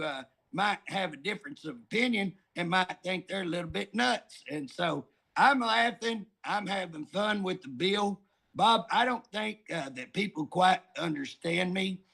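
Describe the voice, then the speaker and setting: A man's voice: high voice, gravelly, bright, forceful tone. A middle-aged man, telling stories in a folksy, joking drawl on a talk show. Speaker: politician guest. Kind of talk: casual talk show chat.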